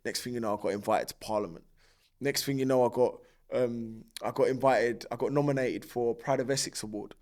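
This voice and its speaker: A man's voice: mid-range voice, brisk. A man, a podcast guest telling his story in loose, slangy talk and acting out the dialogue he quotes. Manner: animated, acts out quoted dialogue with a raised voice; loose, filler-heavy street slang.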